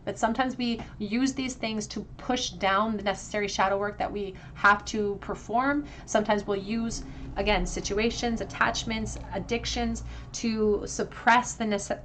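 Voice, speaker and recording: A woman's voice: mid-range voice, steady tone, moderate pace, fairly bright tone. A woman reads tarot cards aloud and speaks directly to her viewers in a heartfelt, emotional way. She talks around braces in a mid-range voice. A faint noise sits under the recording. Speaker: tarot reader. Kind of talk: pick-a-card tarot reading.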